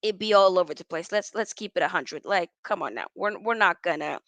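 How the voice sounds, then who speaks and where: A woman hosting a casual football livestream, rambling and animated as she reads out chat and answers viewers. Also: fairly low pitch, fairly quick, no room sound. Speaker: football channel host.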